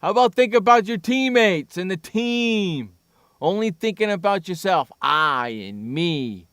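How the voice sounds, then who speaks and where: A man's voice: high voice, normal speed, clean tone, dry recording, studio quality. A man hosting sports talk radio, ranting bluntly and sarcastically about a player.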